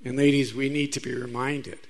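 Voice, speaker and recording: A man's voice: mid-range voice, level tone, a little fast, vocal fry. A man, a Catholic priest, preaching a sermon in a conversational style, telling stories and speaking asides to the audience.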